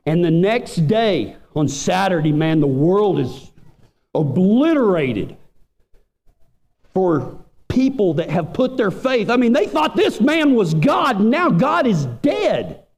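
A man's voice: sits high, takes it slowly. A man, preaching a storytelling sermon and acting out friends' lines in voices. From Texas. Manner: animated, acts out quoted friends in voices. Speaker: pastor.

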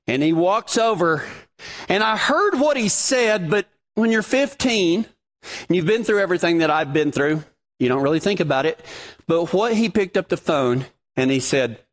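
A man's voice: high-pitched, expressive, normal speed. A man preaching a sermon, telling his own story in a folksy, dramatic way.

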